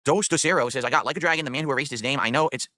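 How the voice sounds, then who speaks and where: A man hosting a live stream, reading tips and questions aloud with dry sarcasm. He talks very fast in a bright, forward voice. The sound is dry and close. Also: mid-range voice, no room sound. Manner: fast, chatty, dryly sarcastic. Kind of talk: casual live-stream chat.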